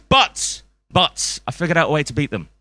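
A man's voice: fairly high pitch, huge pitch swings, normal speed, pushed and bright, dry recording. A man doing a stand-up comedy set on a club stage, swearing a lot and chuckling at his own jokes.

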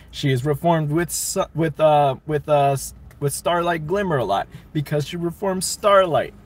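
Chatty young man hosting a livestream. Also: a little high. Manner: chatty, rambling, laughs often. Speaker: livestream host reading chat. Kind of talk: casual live-stream chat.

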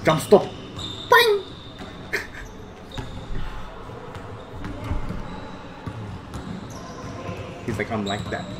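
A young man giving excitable, foul-mouthed reaction commentary. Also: medium pitch, drawn-out words, long pauses, noisy background. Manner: excitable, swears a lot, bursts of shouting. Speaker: vlogger reacting to basketball footage.

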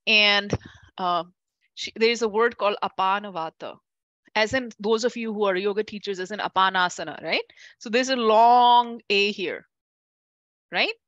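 A woman teaching a class, chatty and lively, calling on students by name and laughing easily. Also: medium pitch, normal speed, no echo, muffled recording. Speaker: Ayurveda teacher. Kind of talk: classroom lecture with questions to students.

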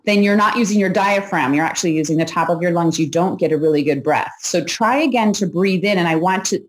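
A woman host talking viewers through a breathing exercise in a calm, instructive way, pausing as she guides each breath. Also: fairly low pitch. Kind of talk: coaching talk to viewers.

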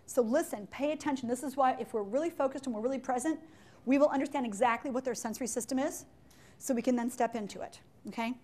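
Woman workshop trainer, high voice, playful chatty teaching style, meeting room. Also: darkish tone. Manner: playful, chatty, quick asides and acted-out examples. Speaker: leadership and sales trainer. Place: meeting room with window blinds.

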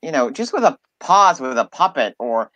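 A man's voice: mid-range voice, big pitch swings, normal speed, a bit bright, no room sound, highs cut off. A man hosting a casual interview, asking questions and encouraging his guest. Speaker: interview host.

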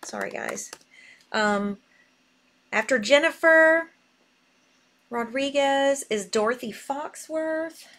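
Excitable woman hosting a live sale. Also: sits high, slow pace, long pauses. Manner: excitable, reads buyer names aloud while typing. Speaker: live jewelry sale host. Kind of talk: live-stream selling.

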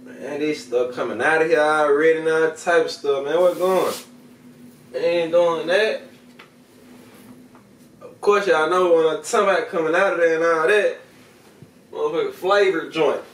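Dude rambling and cussing to the camera, voice a bit high, echoey room, mic kinda far off. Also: male voice, fairly even intonation, moderate pace, long pauses. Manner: rambling, profane, talks straight to viewers. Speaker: video host reviewing smoking products. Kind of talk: casual slang-heavy vlog chat.

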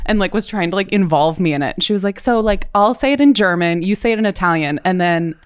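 A woman's voice: mid-range voice, expressive, fast, clean tone. A woman in casual podcast chat telling a bubbly anecdote.

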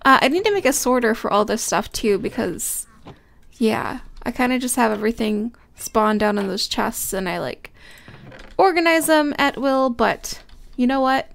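A young woman hosting a casual gameplay commentary, gushing and excitable, often squealing with delight. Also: fairly high pitch, normal speed, gravelly, a little hiss or hum. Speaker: Minecraft let's play host.

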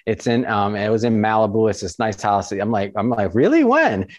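A man, a podcast host and author talking as an interview guest, telling stories in a casual, animated way with many fillers and restarts. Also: fairly low pitch, a little fast, no echo. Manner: animated storyteller, many fillers and restarts, acts out quoted excitement. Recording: dry, dull lo-fi sound.

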